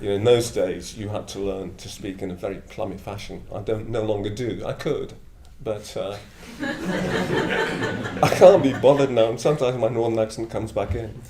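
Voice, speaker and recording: A man's voice: on the low side, normal speed, a little mellow. Older northern English man telling stories. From Middlesbrough, northern England. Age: 70s. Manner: blunt, digressive, chuckling storyteller. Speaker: Buddhist order member. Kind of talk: reflective anecdotal talk. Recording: echoey room with faint ambience.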